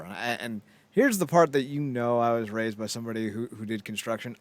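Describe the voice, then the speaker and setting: A man's voice: medium pitch, no room sound. Guy rambling on a wrestling podcast, swears a lot, jokes at himself, dry close sound. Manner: rambling, profane, self-mocking asides. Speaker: podcast co-host. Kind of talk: casual wrestling news chat.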